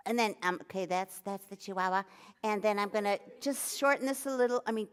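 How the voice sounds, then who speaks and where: Leading a group voice workshop, a female vocal coach speaks fast in a clear, resonant, mid-range voice. She offers encouragement and demonstrates sounds and short sung lines for participants to copy.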